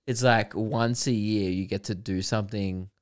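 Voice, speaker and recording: Australian man, comedian podcast host, casual chat, animated storyteller, acts out voices. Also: lowish voice, normal speed.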